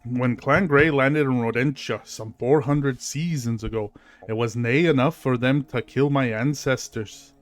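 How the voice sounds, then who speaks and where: A man's voice: medium pitch, a little slow, soft background music, natural voice. A man voicing a proud, grieving male red squirrel warrior in a put-on Scottish accent, speaking solemnly in old-fashioned words. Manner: solemn, old-fashioned speech with "nay" and "aye".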